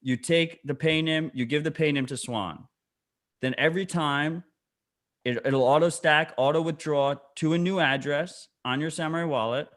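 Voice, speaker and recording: A man's voice: fairly high pitch, normal speed, fairly bright tone. A man co-hosting a podcast, explaining things bluntly and swearing in casual chat. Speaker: podcast co-host.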